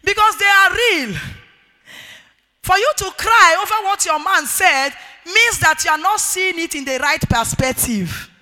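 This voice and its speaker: A middle-aged woman with a Nigerian accent, preaching an emphatic sermon to women with shouted, sing-song rises. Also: extremely high pitch, lively intonation, measured pace. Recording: reverberant hall.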